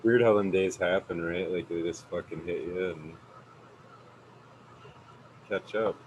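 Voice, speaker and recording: A man with a deep, low voice chats as a podcast guest. His talk is loose and meandering, full of likes and ums, and he swears often, with faint noise behind him. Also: a little slow, darkish tone, rough recording. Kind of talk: casual podcast chat.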